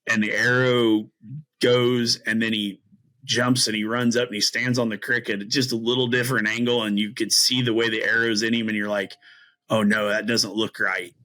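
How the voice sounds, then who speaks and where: A man's voice: medium pitch, level tone, normal speed, sharp tone, rough recording. A middle-aged man, a guest on a podcast, telling a story casually and animatedly, acting out his own reactions between many fillers. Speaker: podcast guest, bowhunter and string maker.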